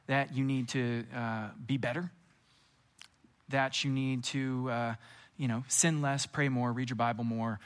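Bright-voiced man preaching an animated sermon. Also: medium pitch. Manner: lively storytelling with casual asides, acting out scenes. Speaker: pastor.

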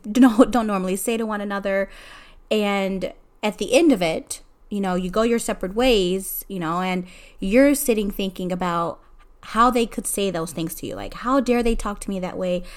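A middle-aged mother talking earnestly and conversationally about family conflict, with frequent fillers, in a reflective personal talk. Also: medium pitch. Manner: earnest, conversational, many "you know" fillers. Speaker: mother sharing advice.

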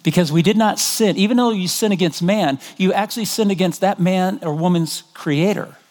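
Middle-aged guy preaching, chatty and storytelling, voice on the higher side. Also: normal speed. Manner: conversational, storytelling, animated when quoting. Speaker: pastor. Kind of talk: sermon.

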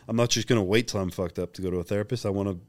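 A man's voice: lowish voice, steady tone, dry recording. A young man speaking as a podcast guest, candid and profane, acting out the lines of people in his stories. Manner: fast, open and profane, acting out quoted dialogue. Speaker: guest, bodybuilding champion.

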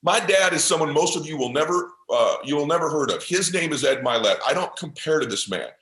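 A man's voice: on the high side, expressive, fairly quick, a bit bright. Man telling a heartfelt story, passionate and intense, echoey room. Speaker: podcast guest. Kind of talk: emotional motivational storytelling. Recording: roomy echo.

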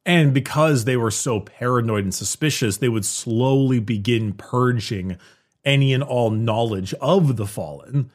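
A man's voice: medium pitch, measured pace. A man explaining game lore at length in a casual podcast conversation, with frequent restarts.

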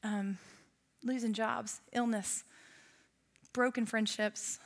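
A woman's voice: a little high, fairly even intonation. Chatty, joking woman preaching. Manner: chatty and humorous, with quick asides to the audience. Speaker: Bible teacher. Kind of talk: casual sermon.

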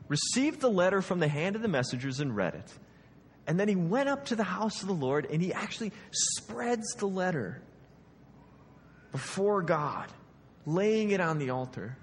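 A man teaches a Bible lesson, telling the story briskly and acting out what the kings say. His voice sits high and bright. The sound carries a long reverb, as in a large hall. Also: slight background noise. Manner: lively storytelling, acting out quotes.

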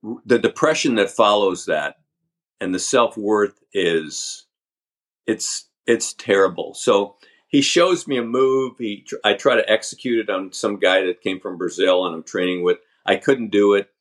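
An older man, a podcast guest, telling his story candidly in a halting, talkative way. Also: lowish voice. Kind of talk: storytelling interview.

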